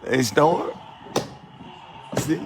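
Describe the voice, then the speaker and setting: A middle-aged man filming a casual home video, teasing a child with quick-fire questions. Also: fairly high pitch, background noise. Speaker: radio host filming at home with grandchildren. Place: home, indoors.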